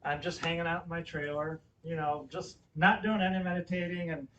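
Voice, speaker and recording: A man about fifty telling a personal story in a sermon, animated, swinging between loud exclamations and quiet asides. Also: a little high, fairly quick, far from the mic, lo-fi sound, slight background noise. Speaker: guest speaker at a spiritual center. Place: church hall.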